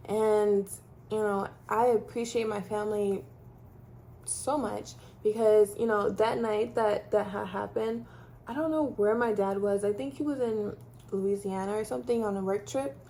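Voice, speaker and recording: Mellow-voiced woman telling a personal story. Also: mid-range voice, fairly even intonation, measured pace, a little hiss or hum. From Texas, US. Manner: chatty, many fillers like "like" and "um". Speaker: vlogger sharing her story.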